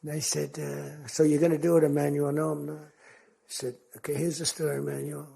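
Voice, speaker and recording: A man's voice: fairly high pitch, little pitch movement, brisk, vocal fry, warm tone, slightly rough. A man giving an unscripted political speech at a podium microphone, rambling and boastful, acting out the conversations he retells. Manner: rambling, digressive, boastful storytelling; acts out quoted conversations with shifting voice. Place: large meeting venue.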